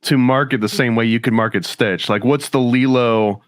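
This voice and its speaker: A man's voice: mid-range voice, steady tone, normal speed, no echo, clean studio sound. A man co-hosting a podcast, asking analytical questions and making wry remarks in casual chat. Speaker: podcast co-host.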